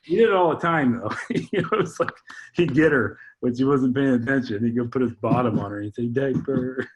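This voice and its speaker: A man on a podcast, telling a heartfelt personal story in a halting way, full of restarts and repeated words. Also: medium pitch, highs cut off. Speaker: podcast guest, father. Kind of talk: heartfelt personal testimony in conversation.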